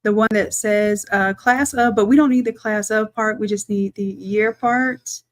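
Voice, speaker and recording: A woman, a design instructor chatting through a live-streamed software tutorial, talking to viewers as y'all and thinking aloud as she works. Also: mid-range voice, fairly even intonation, a little slow.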